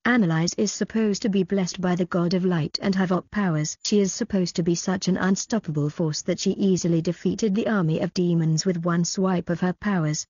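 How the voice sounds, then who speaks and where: A woman's voice: fairly low pitch, steady tone, brisk, hardly any pauses, darkish tone, slightly rough, no room sound. A woman voicing a blunt, irreverent young villainess in a storybook reading. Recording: dull lo-fi audio.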